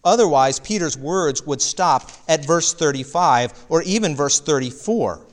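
A male pastor delivering a sermon with a somewhat high voice. He talks animatedly, tossing rhetorical questions and quick asides to his listeners. The delivery is engaged and conversational. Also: lively intonation.

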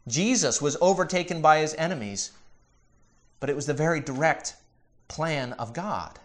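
Male pastor, sermon, slightly high pitch, earnest, emphatic rising questions, soft slow emphasis. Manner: earnest preaching, builds to emphatic repeated questions; drops to slow, soft emphasis on key phrases.

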